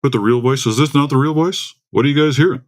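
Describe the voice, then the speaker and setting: A man with a mid-range voice talks fast while hosting a casual home livestream. He rambles and chats into a desktop USB microphone, greeting viewers by name.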